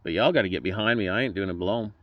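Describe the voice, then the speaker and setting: An emotional man with a lowish voice speaks rapid-fire, straight to camera, as a political candidate giving a campaign address. Folksy and fervent, he often repeats words as he restarts sentences; the recording has no echo and its highs are cut off.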